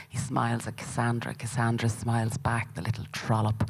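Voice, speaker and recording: A woman playwright giving a measured, steady dramatic reading of her own work. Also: rumbling low, gravelly, husky, rough recording.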